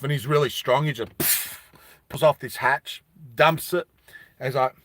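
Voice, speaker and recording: An Australian man telling a story on a live stream, animated and laughing often as he talks with viewers. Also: on the high side, normal speed, no room sound.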